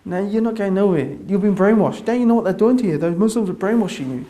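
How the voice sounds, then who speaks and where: A man's voice: high-pitched, fast, mellow, pitched above the performer's own voice, close to an everyday voice. A man with a New Zealand accent quoting his doubtful female partner, scolding and incredulous.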